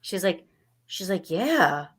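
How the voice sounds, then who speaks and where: A woman's voice: mid-range voice, moderate pace. A woman hosting a podcast, telling stories in casual chat and quoting people along the way. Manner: chatty storyteller, animated quoting of others. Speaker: podcast host.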